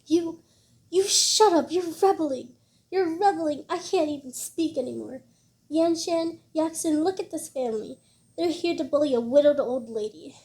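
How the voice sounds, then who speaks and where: Old grandmother, read by a woman, shrill, indignant, scolding, high-pitched, mellow tone. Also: lively intonation, normal speed, few pauses. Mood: angry scolding.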